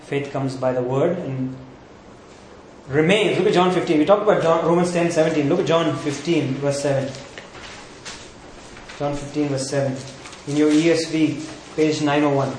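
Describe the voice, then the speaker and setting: A man's voice: a little high, fairly even intonation, normal speed, darkish tone. A man preaching a sermon as pastor, asking rhetorical questions and repeating points for emphasis. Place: church. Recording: echoey church hall with faint noise.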